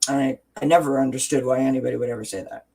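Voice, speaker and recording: A woman's voice: rumbling low, steady tone, racing, gravelly, dark tone, slightly rough. A woman hosting a casual livestream, reading viewer comments and talking through self-help ideas with frequent restarts and tag questions.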